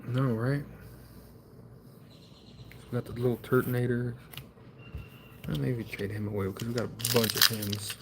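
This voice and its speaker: A man's voice: medium pitch, little pitch movement, normal speed, long pauses, background noise. A man streaming himself opening trading card packs, chatting in a rambling, wry, self-deprecating way.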